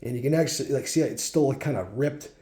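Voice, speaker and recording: A man's voice: mid-range voice, fast, mellow. A man rambling through childhood stories in a casual vlog while sorting cards, full of fillers and restarts. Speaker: card collection vlogger. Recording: echoey room.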